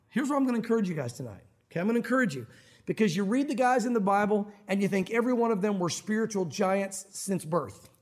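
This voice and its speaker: Man, pastor, sermon, church, high-pitched, animated. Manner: animated, acts out Bible scenes in voices. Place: church sanctuary.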